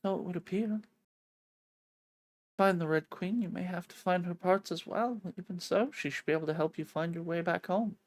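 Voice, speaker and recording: Woman voicing a soft-spoken gentle queen. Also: fairly low pitch, moderate pace. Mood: soft, apologetic. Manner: soft, apologetic, lets names trail away.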